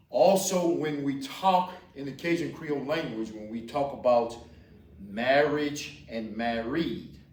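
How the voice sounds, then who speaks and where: Louisiana man, patient teacher, repeats words slowly; roomy sound, set back from the mic. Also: mid-range voice. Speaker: Cajun French teacher. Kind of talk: slow spoken language lesson. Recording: roomy echo, distant mic.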